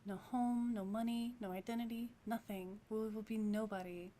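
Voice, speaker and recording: A woman's voice: fairly high pitch, steady tone, normal speed, warm tone, a little hiss or hum, lightly acted. A woman voicing a bitter, swearing young ex-cop. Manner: swearing, angry and ranting. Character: bitter grieving young male ex-cop, volatile.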